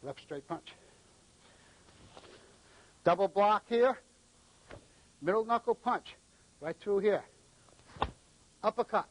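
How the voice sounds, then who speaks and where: A man's voice: sits high, animated, slow pace, long pauses, slight background noise, poor audio. A middle-aged man from New England, a martial arts instructor who gives short commands and counts out the moves during a live demonstration.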